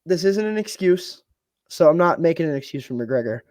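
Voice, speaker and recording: A young man talking through a fight night in a relaxed, rambling way, cursing casually as he goes. His voice sits a little high for a man. The room adds no echo. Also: a little fast. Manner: rambling, laid-back, swears casually. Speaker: podcast co-host. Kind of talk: casual fight-talk chat.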